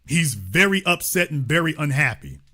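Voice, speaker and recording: Sarcastic, bright-voiced male host. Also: fairly high pitch, big pitch swings, normal speed. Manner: mocking, sarcastic taunting of a caller; repeats phrases for emphasis. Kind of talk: live call-in commentary.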